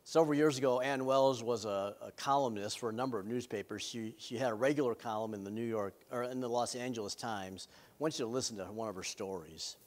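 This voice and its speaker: A man's voice: mid-range voice, fairly quick. A middle-aged man, a pastor, preaching a sermon in an earnest way with self-deprecating humor.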